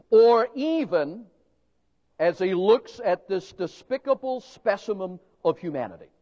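A man's voice: sits high, very animated, unhurried, dark tone. A man preaching a sermon, emphatic and dramatic, asking rhetorical questions. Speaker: pastor. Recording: dull lo-fi recording with long hall reverb.

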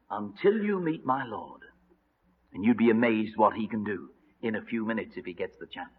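Dramatic preacher in a big hall. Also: male voice, medium pitch, big pitch swings, fairly quick. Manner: dramatic, swinging between loud and hushed. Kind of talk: storytelling sermon. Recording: reverberant hall, dull lo-fi sound.

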